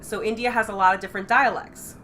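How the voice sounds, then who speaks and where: A woman's voice: mid-range voice, fairly even intonation, quick pace, sharp tone, slight background noise. A woman co-hosting a live game stream, chatting casually and rambling with frequent restarts. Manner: rambling, self-interrupting. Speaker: stream co-host. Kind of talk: casual chat.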